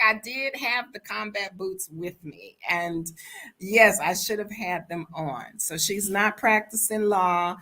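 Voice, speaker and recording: A woman's voice: mid-range voice, a little slow, pushed and bright. An older woman from the United States, bluntly and animatedly telling a travel story to her vlog audience. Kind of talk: casual storytime monologue.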